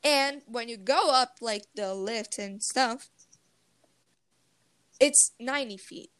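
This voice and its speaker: A woman's voice: fairly high pitch, slow, a bit bright, clear, resonant tone, no room sound. A woman chatting casually about theme park rides over a video call, rambling and giggly. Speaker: presenter.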